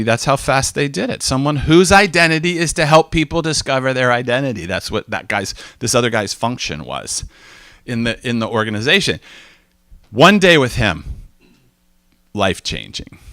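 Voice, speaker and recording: American man, mid-pitched, casual talk to a group, acts out quotes, dry close sound. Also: moderate pace, no room sound. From United States. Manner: animated storytelling, acts out quoted exchanges, frequent restarts. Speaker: speaker.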